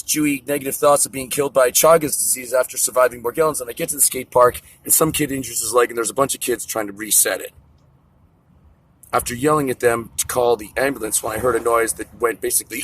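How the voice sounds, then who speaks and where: A man's voice: mid-range voice, fast, a little hiss or hum. A middle-aged man venting in an agitated, profane, tangent-jumping monologue to camera. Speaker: vlogger. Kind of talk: ranting monologue.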